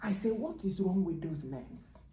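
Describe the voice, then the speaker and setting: A woman's voice: lowish voice, lively intonation, measured pace, a little hiss or hum. Woman preaching, echoey room. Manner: swings from hushed whispers to loud exclamations. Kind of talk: spiritual preaching.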